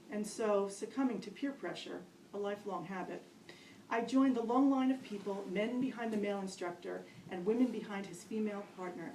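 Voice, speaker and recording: A woman reading her own story aloud at a poetry event, wry and self-mocking, with lively asides. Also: medium pitch, slight background noise. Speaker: poet reading her work. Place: gallery reading room. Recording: roomy, distant live-event recording.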